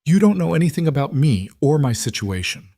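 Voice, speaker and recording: A man's voice: a little high, big pitch swings, fairly quick, mellow, no room sound, clean studio sound, voice pushed up. A man voicing a cornered young bride who pleads and argues with rising desperation. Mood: defensive.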